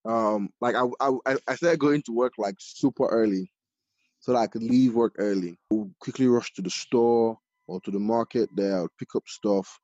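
A man from Nigeria, a chef, telling his story casually in an interview, animated and full of fillers. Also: fairly low pitch, normal speed, dry recording. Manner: animated, many fillers like "like" and "you know". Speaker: chef, podcast guest. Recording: dull lo-fi audio.

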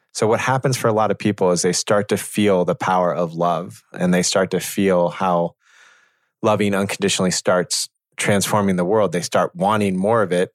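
A man teaching in a reflective conversation, measured and thoughtful, pausing to find his words. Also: deep voice, no echo, studio quality.

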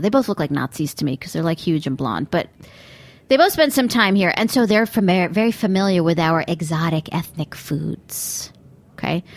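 A woman's voice: fairly low pitch, no echo. A middle-aged woman from Brooklyn hosting a podcast, delivering a sarcastic, rambling comic monologue full of mocking asides. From Brooklyn, United States. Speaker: podcast host. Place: sitting near a busy pizza restaurant.

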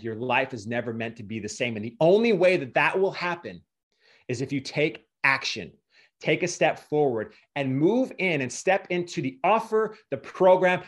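A middle-aged man giving an earnest, emotional motivational talk as a guest speaker. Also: medium pitch.

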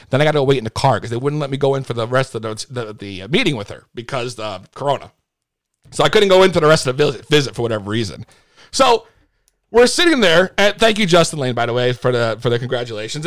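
Animated high-voiced man telling a story. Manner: animated, swears freely, restarts and repeats. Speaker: livestream host. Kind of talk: casual storytelling to a live audience.

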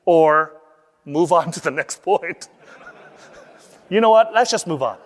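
High-voiced man lecturing in a hall. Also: slow pace. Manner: animated, acts out quoted voices. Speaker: preaching instructor. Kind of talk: lecture on sermon delivery.

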